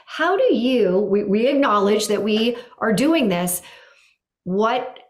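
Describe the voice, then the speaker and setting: A woman's voice: a little high, lively intonation, unhurried. A woman hosting a podcast interview, agreeing with her guest and asking follow-up questions in casual chat. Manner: affirming, echoes the guest and asks follow-ups. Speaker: podcast host.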